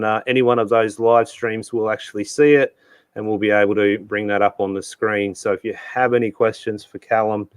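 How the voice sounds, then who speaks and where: A man's voice: lowish voice, clear, resonant tone, no room sound. Australian male host, chatty and loose, dry close sound. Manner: chatty, many fillers and restarts. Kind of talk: live-streamed interview.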